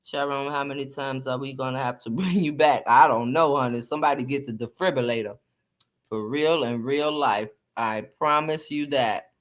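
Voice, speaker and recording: A woman with a lilt and an extremely low voice hosts a casual live stream at a moderate pace. Sassy and gossipy, she drawls out her words and tosses asides to her viewers.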